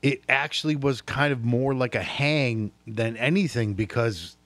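A man co-hosting a podcast, relaxed and reminiscing in casual chat. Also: mid-range voice, measured pace. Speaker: podcast co-host. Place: barbershop in Brooklyn.

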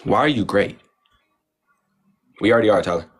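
A man's voice: lowish voice, normal speed, slightly rough. A man bantering on a livestream, teasing and playful, swinging between insults and compliments. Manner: teasing, animated, swings between joking and sweet.

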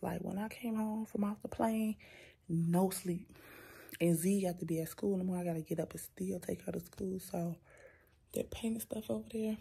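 A woman's voice: mid-range voice, gravelly, dark tone, slightly rough. A young woman and mother in a casual vlog chat, talking to her viewers in a chatty way and often calling them y'all. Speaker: vlogger and mother.

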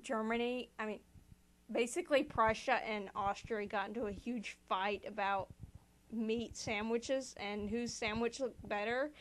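A woman's voice: on the high side, fairly even intonation, unhurried, fairly bright tone, slight background noise. A woman casually commenting on a game and reading its dialogue aloud in a playful way. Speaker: let's play gamer.

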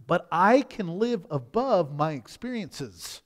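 A man pastor preaching in a church, his high voice leaping up and down in pitch. He talks in a loose, conversational way, restarting phrases and dropping from loud to hushed. The hall rings with a long reverb. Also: expressive, a little slow. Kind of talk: sermon. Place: church sanctuary.

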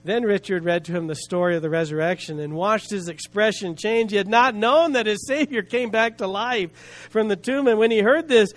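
A man's voice: high voice, moderate pace. A male pastor preaching a sermon, telling a story with rising emotion and building rhythmic repeated phrases. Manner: storytelling with swelling emotion, voicing quoted people.

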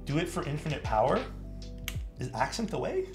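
A man's voice: fairly high pitch, big pitch swings, fairly quick, over music. A man building a keyboard live on stream, chatting casually, thinking aloud and answering his chat.

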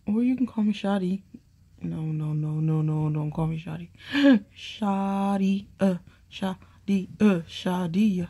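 A young woman vlogs in a playful, rambling, casual monologue, saying "like" a lot and repeating her own name in a sing-song way. She speaks slowly in a lowish, dark voice.

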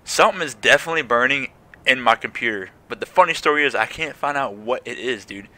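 A man's voice: medium pitch, fast, sharp tone. A young man hosting a horror game playthrough, jumpy and slangy, swearing and chattering nervously at his desk mic. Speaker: gaming channel host.

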